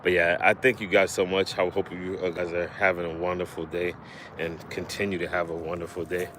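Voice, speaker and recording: Guy with a really low voice chatting on a live stream while fishing, lots of uhs, kinda out of breath. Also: background noise. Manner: relaxed, halting, lots of fillers and restarts. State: a little out of breath. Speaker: livestream host. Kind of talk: casual livestream chat. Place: outdoors by the water while fishing.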